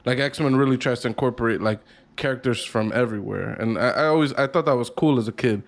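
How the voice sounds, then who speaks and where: A man's voice: mid-range voice, fast talker, gravelly. A man co-hosting a podcast in casual chat, swearing freely and often repeating words as he thinks aloud. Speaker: podcast co-host.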